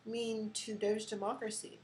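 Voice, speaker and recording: A woman's voice: fairly high pitch, little pitch movement, a little slow, a little mellow, low-quality recording. A young woman hosting a casual crypto livestream, giving a chatty market rundown full of fillers. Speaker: livestream host.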